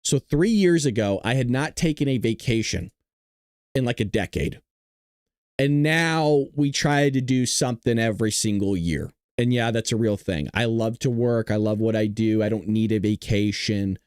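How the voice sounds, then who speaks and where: A man hosting a political commentary show who talks bluntly, swears, and gets animated. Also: mid-range voice, moderate pace, clear, resonant tone, dry recording, studio quality. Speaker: host.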